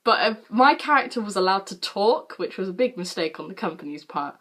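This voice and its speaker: A British woman in her late teens telling a story to camera in a casual, animated way, with lots of fillers and casual swearing. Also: mid-range voice, fairly quick. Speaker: vlogger.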